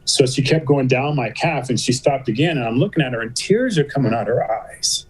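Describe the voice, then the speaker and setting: Speaking briskly in a husky, medium-pitched voice, this middle-aged man is a guest on a podcast, spinning a story in a casual interview. He brings the quoted lines to life, leaning on "you know" and "I go" again and again. The audio is poor.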